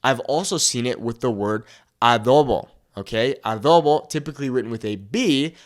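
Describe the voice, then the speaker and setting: A young man teaching a language pronunciation lesson. He checks in with "okay?" after nearly every point and slows down to stretch out the example words. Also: mid-range voice. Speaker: Spanish tutor.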